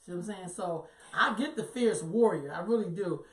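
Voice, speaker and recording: A woman's voice: lowish voice, expressive, moderate pace. Earthy, storytelling woman in an echoey room. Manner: storytelling, earthy, emphatic, swears casually. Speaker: co-host. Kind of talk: casual talk show chat. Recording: roomy echo, far from the mic.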